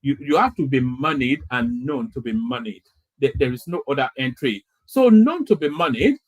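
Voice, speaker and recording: A man's voice: mid-range voice, animated, moderate pace. Stammering male commentator. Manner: stammering, repeats words. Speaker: commentator host. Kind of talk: live commentary.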